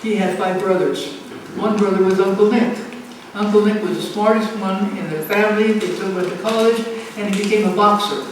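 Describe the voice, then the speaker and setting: A woman's voice: mid-range voice, steady tone, normal speed, hardly any pauses. An older woman telling a playful childhood story to an audience, laughing through her punchlines. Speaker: storyteller at an art show event. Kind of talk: casual anecdote told to a live audience. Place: community center gallery. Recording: echoey room from far off, faint noise.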